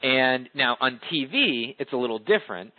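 A man leading a conference call, teaching public speaking in an animated coaching talk that swoops up and down for emphasis. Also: mid-range voice, moderate pace, no room sound. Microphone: phone. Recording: tinny phone line, dry.

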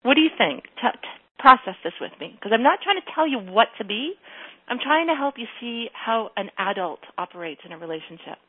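Husky woman giving blunt relationship advice. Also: on the high side, sing-song, brisk, no room sound. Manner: direct, coaching, acts out example lines. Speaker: radio advice host. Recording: phone-like radio audio.

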